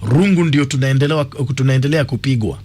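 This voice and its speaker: A man's voice: mid-range voice, a little fast, a little mellow. A man with a Kenyan accent hosting a radio call-in show, reading listener messages aloud. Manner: reads listener messages aloud, brief replies. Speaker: radio host.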